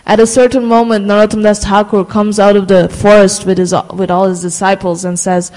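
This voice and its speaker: Halting devotional storyteller in a reverberant room. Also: mid-range voice, little pitch movement, darkish tone. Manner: halting, many fillers and restarts, slows for emphasis.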